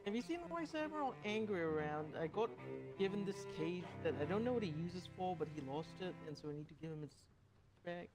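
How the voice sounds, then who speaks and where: A man voicing a timid, eager young sailor underling who talks softly and meekly. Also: high voice, animated, a little fast, music in the background, voice pushed up, low-quality recording. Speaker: streamer voicing a crew member.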